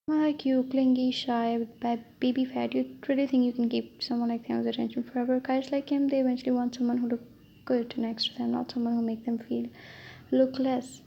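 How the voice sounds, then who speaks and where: A sneering young man who taunts and belittles, as a woman reads him in a storytime. The voice is low in tone with a gravelly edge and stays flat. The recording sounds dull and lo-fi with a faint hiss. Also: a little fast. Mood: mocking. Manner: mocking, belittling.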